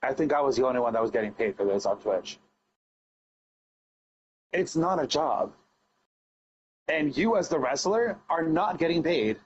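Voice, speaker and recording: A man's voice: fairly high pitch, animated, normal speed, long pauses. A man speaking as a podcast guest about running his own online wrestling league. He talks in an earnest, emphatic way, rambling and restarting his sentences. The audio is slightly dull and carries a faint background hiss. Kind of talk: casual podcast chat.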